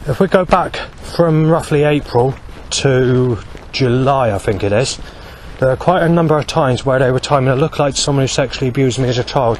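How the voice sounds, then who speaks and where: A middle-pitched man in his forties delivers a rambling, aggrieved monologue outdoors beside a road. He restarts and repeats himself as his thoughts tumble out. A faint hum of passing traffic sits underneath. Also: darkish tone, poor audio. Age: 40s. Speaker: vlogger.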